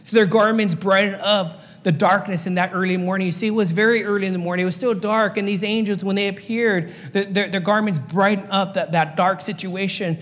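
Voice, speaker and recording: A man's voice: sits high, steady tone, brisk, hardly any pauses, a bit bright. A man preaching a sermon as pastor and fire chaplain, earnest and repetitive, sometimes acting out little voices. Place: church sanctuary. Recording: long hall reverb.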